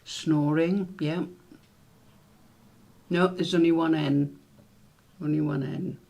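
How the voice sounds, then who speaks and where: A man's voice: a little high, steady tone, slow, creaky, dark tone. A man hosting a casual word quiz, musing aloud over the letters and spelling words out. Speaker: quiz host.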